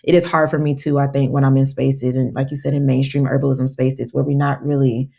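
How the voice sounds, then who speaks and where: A woman's voice: very deep voice, level tone, brisk, gravelly, dark tone. A woman herbalist, a guest on a podcast, telling stories in casual conversation and acting out her own quotes.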